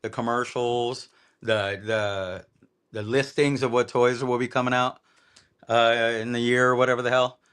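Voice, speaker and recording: A man talks casually as a guest, swearing freely. He is an animated storyteller with a mid-pitched voice. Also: unhurried, clean tone. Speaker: guest toy customizer. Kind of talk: casual chat.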